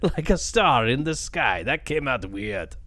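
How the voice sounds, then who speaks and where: A man's voice: mid-range voice, very animated, measured pace, pushed and bright, slight background noise. A man voicing a bumbling, lovestruck pirate. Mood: flirty. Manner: gushing, stumbling over compliments. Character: smitten flirtatious male space pirate, bumbling.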